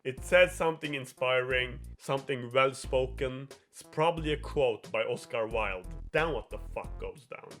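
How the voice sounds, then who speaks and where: A man's voice: mid-range voice, normal speed, few pauses, a bit bright, faint music behind. A young man hosting a show, retelling a game plot in a rambling, profane, giggly way. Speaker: host.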